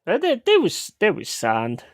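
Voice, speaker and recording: A man in casual chat, laid-back and halting, swearing casually. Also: high voice, wildly swooping pitch, no echo.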